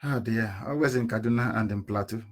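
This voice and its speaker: A man giving an impassioned political radio address, with rhetorical questions and sudden bursts of shouting. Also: fairly low pitch, brisk. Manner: fiery, rhetorical, mocking laughter, sudden shouts and drops. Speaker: radio broadcaster. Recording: live internet radio broadcast.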